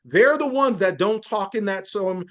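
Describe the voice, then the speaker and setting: High-voiced man, earnest podcast guest. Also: normal speed. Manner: earnest, building points with lists and repeated restarts. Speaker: media journalist guest. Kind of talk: podcast interview conversation.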